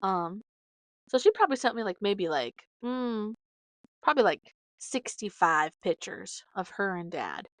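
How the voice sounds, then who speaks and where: A young woman hosting her podcast drifts through casual, filler-heavy stories. Her mid-range voice has lively intonation and a fairly bright tone, her pace is measured, and there's no echo.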